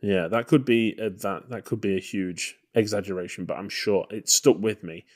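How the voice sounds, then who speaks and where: A man's voice: on the low side, fairly even intonation, normal speed. A man co-hosting a podcast, chatting loosely about an old film with lots of fillers. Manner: loose and conversational, many fillers and hedges. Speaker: podcast co-host. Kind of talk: casual film-review chat.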